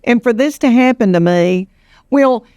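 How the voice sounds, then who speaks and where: A woman's voice: fairly high pitch, lively intonation, unhurried, darkish tone. Folksy Southern woman in her fifties. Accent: Southern US, East Tennessee. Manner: folksy, drawling, calls the listener honey. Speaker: interviewee. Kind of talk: casual interview storytelling.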